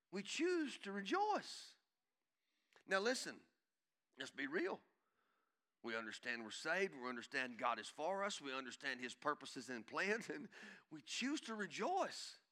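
Shouting, high-pitched preacher. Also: male voice. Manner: swings from shouting to hushed intensity; calls out to the congregation. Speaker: pastor. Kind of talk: sermon.

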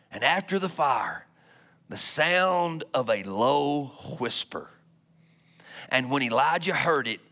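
A man preaching a Pentecostal sermon, calling out to the congregation and swinging from loud shouts to hushed whispers. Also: medium pitch. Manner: calls out to congregation. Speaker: pastor.

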